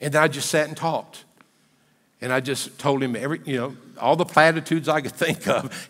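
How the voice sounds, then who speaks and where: A man's voice: medium pitch, steady tone, moderate pace, a bit bright. An older man, a pastor, telling a story in a sermon in a plain, conversational, folksy way. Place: church sanctuary. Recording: long hall reverb in a church.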